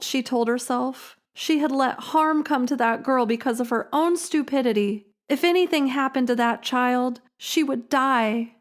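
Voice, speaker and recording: A woman hosting a storytelling podcast, reading a scripted story in a measured, dramatic way. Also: on the high side. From Illinois, USA. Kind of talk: scripted narration.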